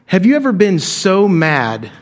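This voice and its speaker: Man preaching a sermon, kinda higher voice, chatty storytelling style, keeps asking the crowd questions. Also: big pitch swings, unhurried. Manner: conversational, questions the congregation. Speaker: pastor.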